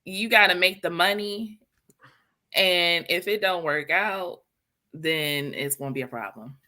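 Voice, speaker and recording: Low, slow-talking woman with blunt opinions. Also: sharp tone. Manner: frank, blunt opinions with many "like" fillers. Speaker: podcast co-host. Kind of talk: casual podcast chat.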